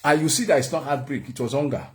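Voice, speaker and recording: A man's voice: medium pitch, quick pace. A Nigerian man preaching a humorous sermon, joking and laughing often. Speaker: prophet and preacher.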